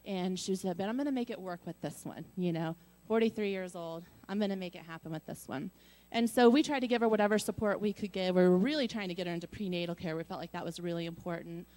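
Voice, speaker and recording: A woman's voice: on the low side, fast talker, a little mellow. A middle-aged woman giving a personal testimony, telling her story earnestly and acting out the dialogue. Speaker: speaker sharing a personal story.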